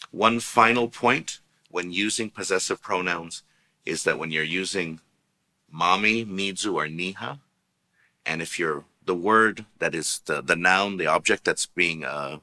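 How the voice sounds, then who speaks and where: A man's voice: deep voice, bright, forceful tone. A man presenting a recorded language lesson, patiently explaining grammar and pronunciation with spoken examples. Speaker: language teacher.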